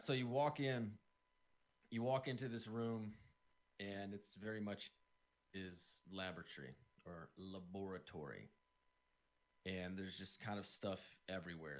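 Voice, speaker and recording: A man's voice: low voice, a little slow. A man narrating as game master in a tabletop game, describing scenes loosely with lots of "kind of" hedges.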